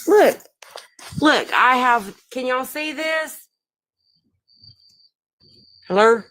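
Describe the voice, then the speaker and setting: A woman from Texas chats as a guest on a live stream. She rambles goofily and mocks herself, talking at a slow, unhurried pace. Her voice sits fairly high. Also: expressive, fairly bright tone. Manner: goofy, rambling, self-mocking. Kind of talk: casual livestream chat.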